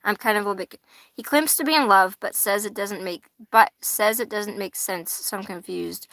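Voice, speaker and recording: A young tarot reader and livestream host talks in a casual, meandering way, laughing frequently, swearing lightly, and snacking on fries. She speaks at a moderate pace in a mid-range, somewhat bright voice. There's no echo.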